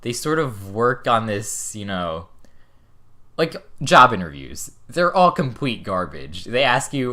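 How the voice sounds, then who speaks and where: Bright-voiced young man musing. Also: lowish voice, big pitch swings, takes it slowly. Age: around 20. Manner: musing, hedging with 'like' and 'you know'. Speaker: podcast host. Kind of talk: casual podcast chat.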